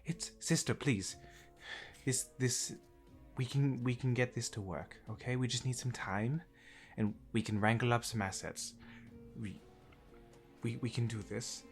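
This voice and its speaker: A man playing a gentle young woman in a tabletop game, soothing her sister with halting, stammered reassurance. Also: medium pitch, faint music behind, natural voice.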